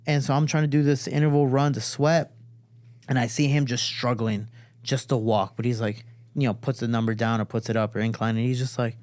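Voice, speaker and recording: A man's voice: medium pitch, fairly even intonation, fast, darkish tone, no room sound. A man hosting a podcast, telling a story casually with plenty of swearing and acting out the voices of the people in it. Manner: profane, acts out quoted voices. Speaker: podcast host and fighter. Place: studio.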